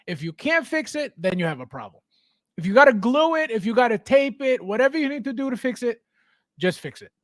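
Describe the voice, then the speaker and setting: A man hosting a casual livestream, reading viewer comments and talking in an animated way, with many repeated words and restarts. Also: very high-pitched, a little fast, no room sound. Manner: animated, repetitive, stammering restarts, laughs often. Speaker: livestream host.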